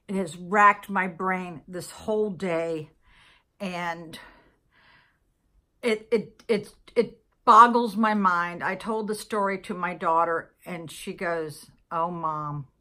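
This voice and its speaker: A woman's voice: medium pitch, sharp tone. A middle-aged woman vlogger telling a long personal story in a casual, exasperated, chatty way, checking in with listeners as she goes. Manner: exasperated, chatty, full of asides like "okay?".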